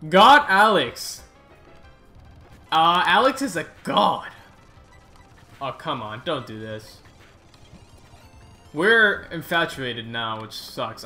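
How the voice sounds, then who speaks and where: A man with a medium-pitched voice hosts his gaming channel, giving offhand, rambling commentary while he plays. He's easily excited and quick to let out groans and swears at the game.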